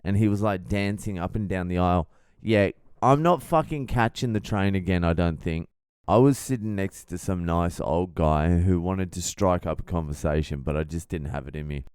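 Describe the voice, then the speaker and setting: A man's voice: sits low, moderate pace, a little mellow, smooth, no room sound, clean studio sound. A man, a comedian hosting a casual podcast, telling stories in a blunt, profane, comic way. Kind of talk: casual storytelling monologue.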